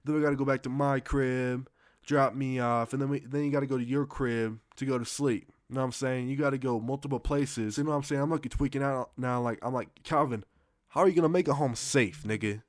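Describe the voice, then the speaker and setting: Young guy, casual storytime, slangy and rambling, medium pitch, dead-dry close sound. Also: steady tone, a little fast, no echo. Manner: loose, slangy, profane, rambling with restarts.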